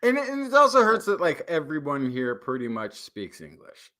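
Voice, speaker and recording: A man co-hosting a science podcast, chatting casually in a rambling, animated way with many restarts. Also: a little high, normal speed. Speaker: podcast co-host. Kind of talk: casual chat.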